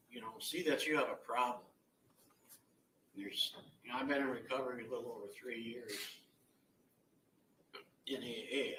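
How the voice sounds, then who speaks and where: A middle-aged man speaks bluntly and haltingly, his voice bright and forceful. It sounds like it comes from a courtroom microphone, with echo around it and some distance from the mic. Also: medium pitch, slight background noise. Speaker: victim's relative giving impact statement. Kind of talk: courtroom victim impact statement. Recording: echoey courtroom audio from far off.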